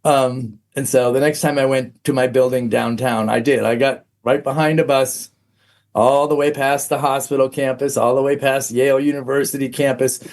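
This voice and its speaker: A man's voice: medium pitch, fairly even intonation, normal speed, a little mellow. A middle-aged man, a podcast guest, telling a personal story candidly, frank and self-mocking, with plenty of "um"s.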